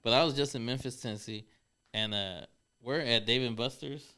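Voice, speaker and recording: Man, smooth clear voice, casual podcast chat, laid-back storytelling. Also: mid-range voice, normal speed, pushed and bright.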